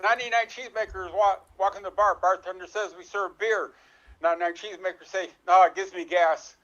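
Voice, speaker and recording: A man, an improv player, telling jokes in a rapid, clipped way. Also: sits high, steady tone, fairly bright tone. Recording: dull lo-fi audio.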